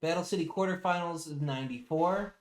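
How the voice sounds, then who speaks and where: A man with a somewhat high voice earnestly lists scores and weighs up a show in casual podcast chat. The sound carries the ring of an echoey room. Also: fairly quick. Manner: earnest and analytical, giving scores. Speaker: podcast co-host.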